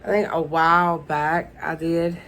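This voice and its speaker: A young woman chatting through a casual beauty unboxing vlog, gushing and openly emotional as she talks to her viewers. Her voice sits a little low for a woman. A faint hiss runs under the recording. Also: level tone, unhurried, fairly bright tone, rough recording. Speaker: beauty vlogger.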